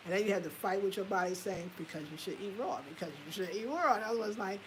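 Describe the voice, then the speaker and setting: A woman in her fifties telling a personal story in a candid, animated way, swearing casually and laughing at herself. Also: medium pitch, quick pace, few pauses, a little hiss or hum, rough recording. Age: 50s. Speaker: home design vlogger.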